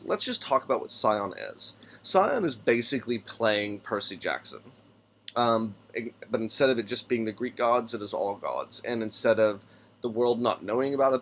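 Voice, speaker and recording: Man musing aloud over a rulebook. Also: on the low side. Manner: musing aloud, reading rules passages, stumbling over names. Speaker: tabletop game podcast host. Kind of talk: casual solo character-building talk.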